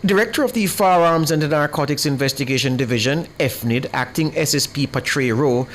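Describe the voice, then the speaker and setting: Male radio newsreader, crisp. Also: fairly high pitch, brisk, a little hiss or hum. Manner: crisp, even news delivery. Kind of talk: scripted news reading.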